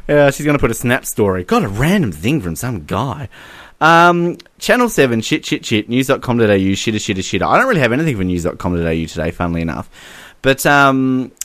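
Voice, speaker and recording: A man's voice: medium pitch, big pitch swings, a little fast, a bit bright, no room sound. A man co-hosting a podcast, chatting casually and acting out quotes with lots of laughs. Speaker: podcast co-host. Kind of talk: casual chat. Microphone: podcast mic.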